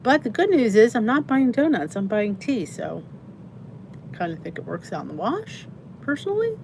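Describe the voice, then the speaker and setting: A woman's voice: fairly high pitch, big pitch swings, moderate pace, gravelly, noisy background. A tired, chatty woman hosting a casual livestream from her basement, greeting viewers by name and laughing often. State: tired, yawning. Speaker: channel host. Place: basement by a heater.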